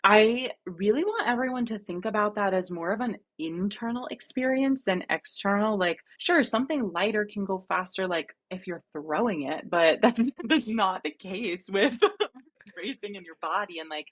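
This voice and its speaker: A young woman from New Jersey appears as a guest running coach on a casual podcast. She speaks earnestly and animatedly at a moderate pace in a medium-pitched voice, laughing often.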